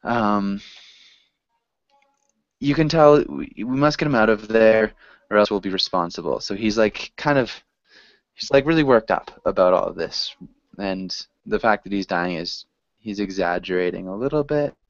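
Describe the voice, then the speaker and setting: A man's voice: fairly low pitch, animated, moderate pace, dry recording. A man teaching a reading class, explaining a story in a casual, hesitant way with many fillers. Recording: dull lo-fi recording.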